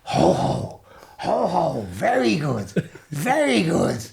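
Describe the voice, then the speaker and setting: A man's voice: fairly high pitch, huge pitch swings, takes it slowly, vocal fry, a little mellow, heavily acted. A man voicing a jovial Hong Kong police sergeant who speaks in clipped, broken English and repeats himself. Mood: amused.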